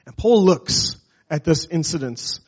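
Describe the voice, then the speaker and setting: A male pastor with a high voice delivers a sermon, emphatic and conversational, driving his points home with rhetorical questions. The recording sounds a little dull and muffled. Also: lively intonation, measured pace, slightly rough.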